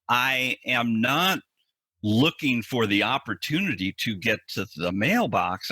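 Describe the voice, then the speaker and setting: Bright, husky-voiced man explaining earnestly. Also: mid-range voice, no room sound. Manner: earnest, emphatic, repeats words when restarting. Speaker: psychologist guest. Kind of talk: explanatory interview talk.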